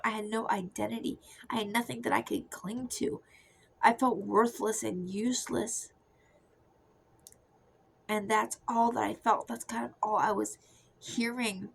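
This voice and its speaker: A young woman giving a soft, confessional personal testimony that often drifts into a whisper. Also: mid-range voice, gravelly, slight background noise, low-quality recording. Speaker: Christian testimony speaker.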